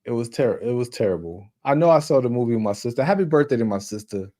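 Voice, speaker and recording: A man's voice: mid-range voice, expressive, quick pace, mellow. A man from New York co-hosting a casual movie talk show, rambling with many restarts and filler words. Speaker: co-host. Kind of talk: casual chat.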